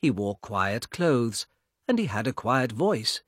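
A man narrates a simple story at a very slow, deliberate pace. His voice is breathy and lively in pitch, recorded dry and close. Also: no echo.

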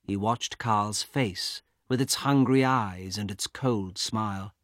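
A man reading a story aloud as narrator, slow and deliberate. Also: fairly low pitch, fairly bright tone, no echo, studio quality.

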